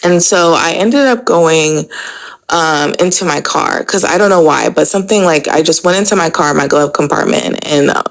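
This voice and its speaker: A woman with a low voice and a gravelly, creaky edge tells a personal story on her podcast. She talks casually and chattily, filling her sentences with "like" and "you know". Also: normal speed, rough recording. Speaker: podcast host.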